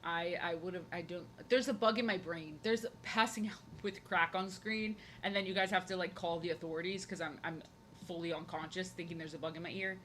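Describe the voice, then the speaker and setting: A woman's voice: lowish voice, steady tone, a little fast, a bit bright, a little hiss or hum, rough recording. A young woman chatting casually and playfully while drawing on a live stream, rambling and repeating her phrases.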